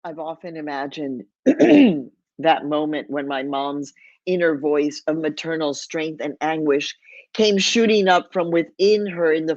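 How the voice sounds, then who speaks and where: A woman's voice: fairly low pitch, darkish tone, dry recording. A woman from Mexico, an author, reads aloud from her memoir in a vivid storytelling manner and drops in Spanish phrases now and then. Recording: dull, lo-fi, dry.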